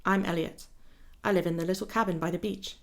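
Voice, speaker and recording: A woman's voice: on the low side, steady tone, brisk, creaky. A woman voicing a whimsical, old-fashioned young male writer in a put-on British accent, flowery and dreamy. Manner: flowery, dreamy, self-deprecating.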